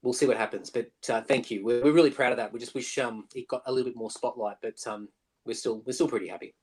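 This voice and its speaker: A man's voice: mid-range voice, steady tone, fast talker, slightly rough, poor audio. A man, a band member, chatting casually in an interview over a video call, with many fillers and restarts. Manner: chatty, lots of fillers and restarts, mimics bandmate. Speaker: musician guest.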